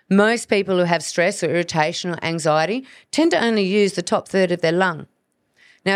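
Woman host, earnest health-coach delivery, mid pitch, dry booth sound. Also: clear, resonant tone, dry recording. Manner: earnest, coaching, acts out inner voices. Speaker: podcast host, hormone practitioner. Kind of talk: solo educational podcast talk.

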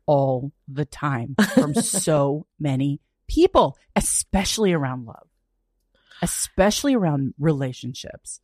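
A woman's voice: low-pitched, expressive, unhurried, a little mellow, dry recording, studio quality. A woman hosting a podcast interview, candid and enthusiastic, swearing freely. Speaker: podcast host.

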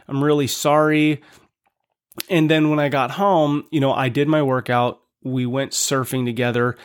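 A man's voice: medium pitch, clean tone. A man in his thirties hosting a podcast, talking earnestly and casually to listeners, asking them lots of questions. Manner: earnest, conversational, asks listeners many questions. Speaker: podcast host. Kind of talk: casual motivational monologue.

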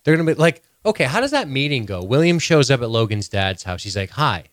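A man co-hosting a podcast, chatting casually in animated, mock-outraged rants full of swearing and laughter. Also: mid-range voice, quick pace, no room sound, clean studio sound. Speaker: podcast co-host. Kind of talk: casual recap chat.

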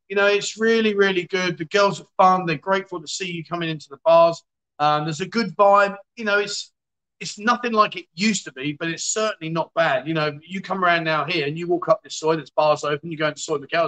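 A man's voice: on the high side, a little fast, sharp tone, poor audio. A man hosting a casual livestream, reading out viewer comments with jokey, exasperated asides. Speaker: livestream host.

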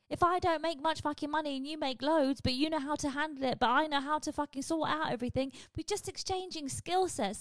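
Woman comic on her podcast, talks super fast, swears a lot, gets worked up, dry close sound. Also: high voice, no echo. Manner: animated, ranting and sweary. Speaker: comedian and podcast host. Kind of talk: casual podcast monologue.

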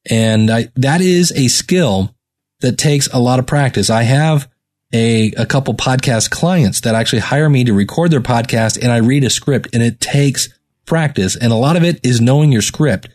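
Giving relaxed feedback on his podcast review show, a man uses fillers and leans hard on some words for emphasis. He speaks at a medium pitch with a darkish tone.

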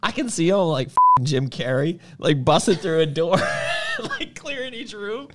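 A man's voice: a little high, huge pitch swings, unhurried, heavy background noise. A man chatting casually, telling a loose story full of fillers. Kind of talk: casual chat.

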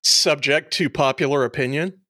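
A man's voice: on the high side, normal speed, sharp tone, no echo, clean studio sound. A man co-hosting a podcast, asking questions in a curious, slightly hesitant way. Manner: inquisitive, a little hesitant. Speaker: co-host. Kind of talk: casual chat.

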